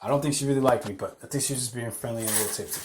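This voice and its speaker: A man's voice: medium pitch, very fast, a little hiss or hum. A man hosting a podcast, rambling through casual stories, swearing freely and laughing at himself. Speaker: podcast host. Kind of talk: casual storytelling monologue.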